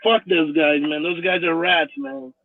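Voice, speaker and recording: A man's voice: on the high side, measured pace, no room sound. A man in his forties, a caller, telling a story in a profane, insistent way. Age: 40s. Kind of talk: casual storytelling. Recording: tinny phone line.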